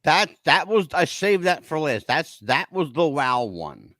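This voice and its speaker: A man hosts a podcast with blunt, profane, animated storytelling. His voice sits fairly high and swings widely in pitch. The sound is dry and close. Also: a little slow, no echo. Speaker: podcast host. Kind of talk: casual chat.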